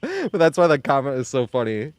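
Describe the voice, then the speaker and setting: A man's voice: medium pitch, huge pitch swings, fairly quick, no room sound. A man in his thirties, originally from the New York area, chatting casually on a live stream, rambling, laughing often and swearing freely. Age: 30s.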